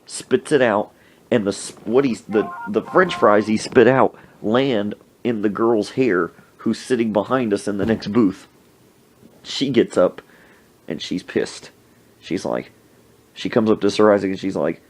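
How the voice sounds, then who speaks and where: A man hosting a podcast, telling funny anecdotes in a casual, animated way and acting out the people in them. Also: on the low side, normal speed. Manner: animated anecdote telling with acted-out sneezes and voices. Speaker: podcast host. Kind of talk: casual storytelling.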